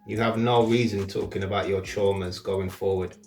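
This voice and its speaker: A man hosts a reaction commentary in a low, gravelly voice. His advice comes out blunt and matter-of-fact. The room rings with echo, and faint music plays under him. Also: fairly even intonation, normal speed. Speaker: commentary host.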